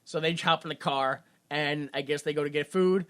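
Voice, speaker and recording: A woman's voice: low-pitched, fairly even intonation, normal speed, fairly bright tone. A woman co-hosting a podcast, casually recapping a film and acting out the characters' lines with plenty of laughter. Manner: rambling, acts out characters' lines, laughs a lot. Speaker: podcast co-host. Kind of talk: casual movie recap chat.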